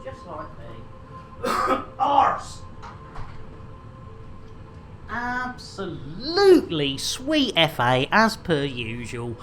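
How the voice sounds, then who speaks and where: Slow, low-voiced woman streamer. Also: huge pitch swings, a bit bright. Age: 30s. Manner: rambling, jokey, stumbling over words with many fillers. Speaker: game streamer. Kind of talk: casual livestream chat.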